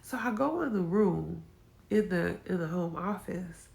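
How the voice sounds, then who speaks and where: A woman telling her own story in a casual vlog, emotional and animated, acting out the quotes. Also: fairly low pitch, unhurried, vocal fry. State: upset.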